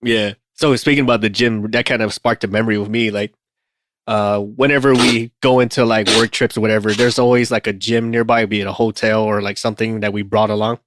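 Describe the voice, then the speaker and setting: A man co-hosting a casual podcast, talking in a relaxed way with lots of fillers and frequent laughs. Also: fairly low pitch, fairly quick, dry recording. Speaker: podcast co-host.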